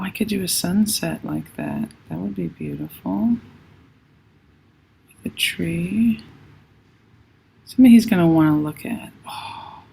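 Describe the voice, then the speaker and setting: Gravelly-voiced woman painting on a live stream, chatting away and saying hi to viewers. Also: low-pitched. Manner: chatty, thinks aloud and greets viewers by name. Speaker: livestream host. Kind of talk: casual livestream chat while painting.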